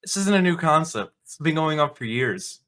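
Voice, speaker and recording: A man's voice: a little high, animated, moderate pace, fairly bright tone. A man hosting a commentary vlog, ranting in an indignant, mocking tone and swearing freely. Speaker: video commentator.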